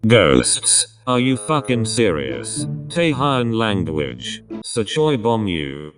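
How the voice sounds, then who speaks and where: Slow, lively man reading chat texts. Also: on the low side. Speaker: narrator voicing a group text chat. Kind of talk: reading a fan-made text-message story aloud. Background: background music.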